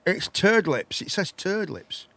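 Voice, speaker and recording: A man's voice: sits high, sing-song, a little slow, gravelly, fairly bright tone, no room sound. A man hosting a casual live chat stream from a home studio, joking around, reading the chat aloud and tripping over his words.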